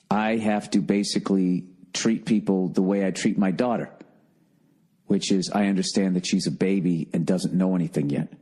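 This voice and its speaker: A man's voice: on the low side, a little mellow, husky. A middle-aged man from the United States, hosting a podcast alone and ranting in an exasperated, profane comic monologue. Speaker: podcast host. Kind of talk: comedic rant monologue. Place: at home, alone.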